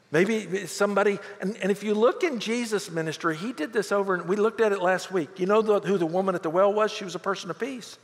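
A middle-aged man preaching a sermon as pastor, telling stories with lively quoted voices. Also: sits high, in a large hall. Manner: animated storytelling with quoted voices.

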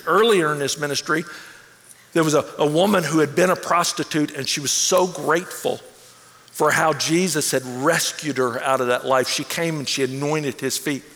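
High-voiced man preaching in a hall. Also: fairly quick, vocal fry. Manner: animated preaching, rising to near shouts. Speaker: pastor. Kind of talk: sermon.

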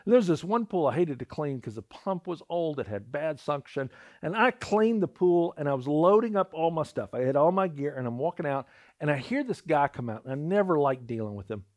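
A man's voice: on the high side, lively intonation, a little fast, darkish tone. A man preaching a sermon, telling a personal story and acting out the voices in it, often repeating words as he starts a thought. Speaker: pastor.

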